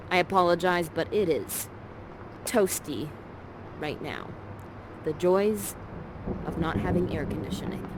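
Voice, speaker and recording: Chatty, encouraging woman with street noise. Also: fairly low pitch. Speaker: actor and guide of a live virtual theater session. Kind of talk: interactive theater hosting. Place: ground-floor rental with door open, in summer heat. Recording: street noise through open door.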